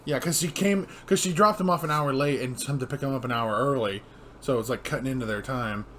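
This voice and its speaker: A man's voice: mid-range voice, fairly quick, a bit bright, slight background noise. A young man co-hosting a casual movie review podcast, retelling scenes and quoting lines between laughs. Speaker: podcast co-host.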